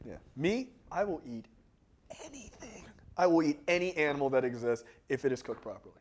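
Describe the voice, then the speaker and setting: A man's voice: a little high, big pitch swings, brisk, a little mellow. A man co-hosting a casual movie-review podcast, rambling through tangents, laughing often and acting out other people's lines. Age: adult. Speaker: podcast co-host.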